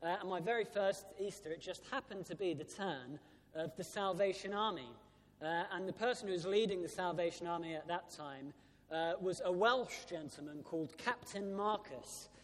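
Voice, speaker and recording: A man in his thirties, a Church of England vicar, giving an Easter sermon with a storytelling manner and frequent "uh" fillers. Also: normal speed. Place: large church. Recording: church PA with long reverb, faint rumble.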